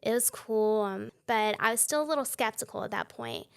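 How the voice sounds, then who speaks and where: A young woman, sharing her faith testimony as a guest in a conversational interview. She is a lively storyteller who laughs often and acts out the dialogue she quotes. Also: fairly high pitch, normal speed, creaky, clean tone. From Texas.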